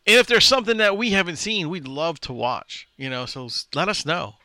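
A man's voice: a little high, big pitch swings, brisk, bright, forceful tone, no room sound, clean studio sound. A man co-hosting a podcast, blunt and swearing freely, laughing often in casual banter. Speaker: podcast co-host.

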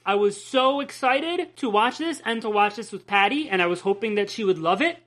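A woman's voice: mid-range voice, animated, a little fast, fairly bright tone. A woman co-hosting a podcast, casually and enthusiastically recapping a cartoon episode, swearing freely. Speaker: podcast co-host.

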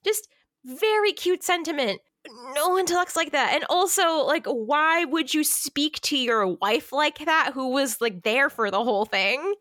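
A young woman with a fairly high voice reviews a book in loose, casual chat, swearing and laughing as she goes. The sound is close and dry, with no room around her. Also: unhurried, dry recording. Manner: swearing, laughing, animated and informal. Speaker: podcast co-host, book critic.

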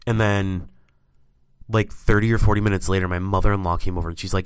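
A man's voice: sits low, fast, clean tone, dry recording. Profane, chatty man telling stories. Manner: profane, animated storyteller. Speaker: podcast co-host. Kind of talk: casual chat.

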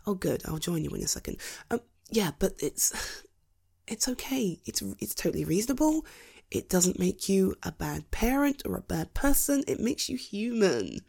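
A woman's voice: mid-range voice, sing-song, moderate pace, vocal fry, mellow, slightly rough. A woman in a whispered role-play as a comforting partner, soothing and reassuring, often breaking into giggles.

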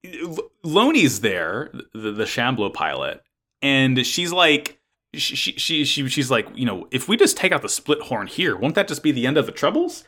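Casual podcast co-host, man, bright tone, rambling and profane. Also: mid-range voice, huge pitch swings, normal speed. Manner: rambling, frequent swearing and restarts. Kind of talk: casual chat recapping an anime episode.

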